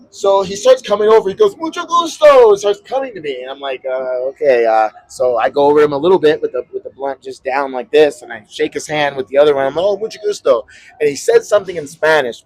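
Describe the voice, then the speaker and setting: Speaking a little high with no room sound, a male podcast co-host recounts a story casually from an outdoor city balcony. He's animated, swears freely and performs the voices of those he quotes.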